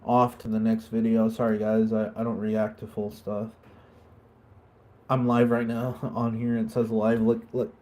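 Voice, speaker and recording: A man's voice: fairly low pitch, completely flat delivery, unhurried, dark tone. A man chatting casually on a live stream, rambling and swearing now and then.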